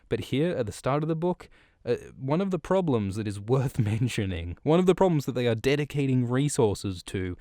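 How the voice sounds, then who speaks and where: A man's voice: fairly low pitch, a little mellow, no room sound, clean studio sound. A man casually and irreverently recapping a book as a podcast host, rambling and swearing freely.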